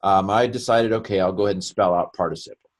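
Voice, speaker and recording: A man's voice: low voice, steady tone, quick pace. A man teaching a recorded grammar lecture, chatty and self-mocking, thinking aloud as he explains and adding joking asides.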